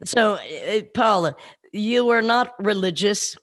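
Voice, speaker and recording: Podcast host, woman, mid pitch, playful teasing questioner. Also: animated, slow, a bit bright, dry recording, studio quality. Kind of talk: casual interview.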